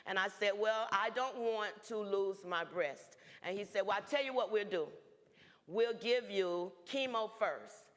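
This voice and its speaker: A woman shares a personal testimony, earnest and plainspoken. She acts out the conversations as she tells them, at a middling pitch. Her voice carries a long reverb from a large hall. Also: measured pace. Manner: earnest storytelling, acting out dialogue. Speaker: guest speaker.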